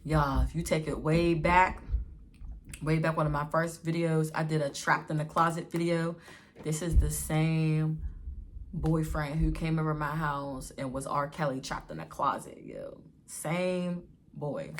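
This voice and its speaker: A young woman vlogger telling a casual storytime in an animated, slangy way, acting out what people said. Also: low voice, a little slow, a little hiss or hum.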